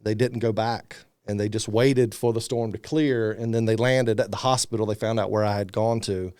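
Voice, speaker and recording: Smooth-voiced man telling his story. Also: on the low side, moderate pace, dry recording, studio quality. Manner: animated storyteller, acts out quoted voices. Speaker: podcast guest, motivational speaker. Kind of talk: casual storytelling interview.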